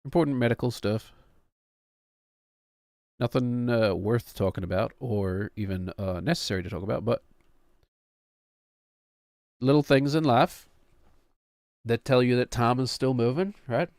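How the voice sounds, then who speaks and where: A man's voice: mid-range voice, a little slow, long pauses, darkish tone, dry recording, clean studio sound. A man in his thirties, a streamer who chats casually in a rambling, wry, self-mocking way. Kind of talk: casual chat.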